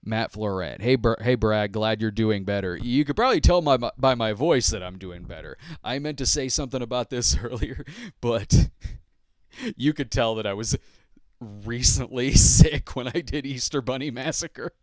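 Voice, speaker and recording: A man's voice: medium pitch, animated, moderate pace, no room sound, clean studio sound. A man in his fifties hosting a podcast, chatting casually and answering viewer questions in a rambling, self-deprecating way with frequent chuckles. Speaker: podcast host and movie reviewer.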